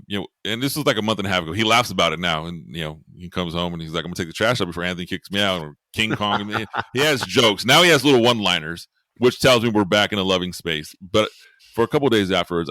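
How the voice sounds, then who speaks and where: A man's voice: sits low, pushed and bright, dry recording, clean studio sound. A middle-aged man, a podcast guest, earnestly telling a personal story and repeating words as he thinks. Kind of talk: candid storytelling.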